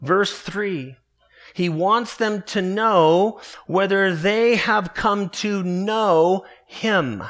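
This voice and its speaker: A man preaching a morning sermon, earnest and emphatic, slowing down to stress key words. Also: high voice, a bit bright. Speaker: pastor.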